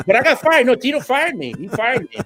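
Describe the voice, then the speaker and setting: A man telling stories in a casual interview, animated and laughing, dropping in Spanish phrases. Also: very high-pitched, a little fast, soft background music. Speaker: guest musician.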